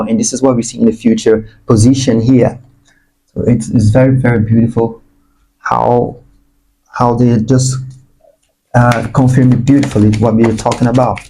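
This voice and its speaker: A man giving an earnest, spiritual channeled tarot reading, sometimes breaking into excited bursts. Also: mid-range voice, low-quality recording. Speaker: tarot reader.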